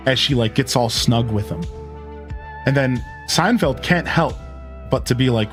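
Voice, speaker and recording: A man's voice: mid-range voice, animated, a little slow, soft background music. A young man streaming a game, chatting casually and retelling a story with lots of fillers. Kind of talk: casual chat while playing.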